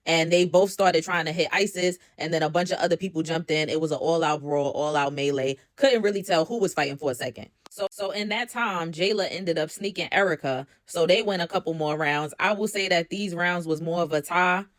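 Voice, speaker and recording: A woman's voice: lowish voice, brisk, few pauses, no echo, clean studio sound. Chatty woman recapping reality TV drama. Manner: chatty, incredulous asides, quotes others with slang. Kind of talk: casual recap commentary.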